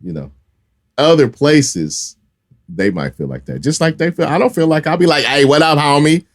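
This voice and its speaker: A man's voice: a little high, sing-song, moderate pace. A man from Los Angeles co-hosting a podcast, chatting casually and teasing the others by mimicking slang voices. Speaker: podcast co-host. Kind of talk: casual chat.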